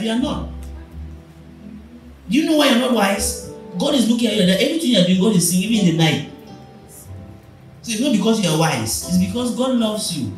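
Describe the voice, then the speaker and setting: Animated preaching pastor, very echoey hall. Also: male voice, high-pitched, normal speed, long pauses, far from the mic, soft background music. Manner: animated preaching with rhetorical questions. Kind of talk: sermon. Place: church.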